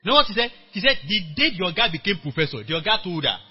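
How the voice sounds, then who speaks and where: A Nigerian man preaching to a church workers meeting in a high, husky voice. He tells his story with lively acted-out dialogue and prompts the congregation to answer back. The sound is dull and lo-fi, like a church recording. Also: fast. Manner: animated storytelling, acting out quoted dialogue; calls on the congregation to respond. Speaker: pastor.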